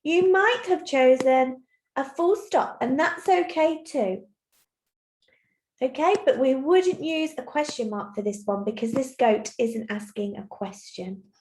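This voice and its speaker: A woman teacher giving a recorded online lesson to young children, explaining clearly, patiently and encouragingly. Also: sits high, lively intonation, a little slow, darkish tone, slight background noise. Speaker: primary school teacher. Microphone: computer mic while screen sharing. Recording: echoey room.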